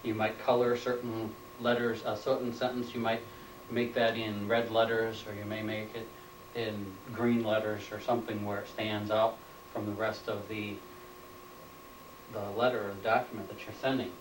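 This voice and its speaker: A man's voice: lowish voice, little pitch movement, moderate pace, noisy background. A man giving a training lecture, plainly stating points and repeating them as questions, recorded indoors on a camera mic from a distance. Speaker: instructor. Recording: roomy, off-mic room sound.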